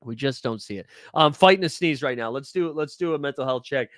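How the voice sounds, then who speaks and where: A man's voice: medium pitch, fairly quick. A young man hosting a live fantasy sports stream, talking casually and jokily with lots of filler words. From New England.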